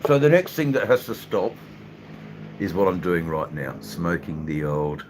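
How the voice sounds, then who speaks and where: A man's voice: low voice, big pitch swings, unhurried, a little mellow, slight background noise. An Australian man hosting a live stream, chatting casually to viewers in a rambling, hesitant way full of ums and uhs. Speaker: livestream host.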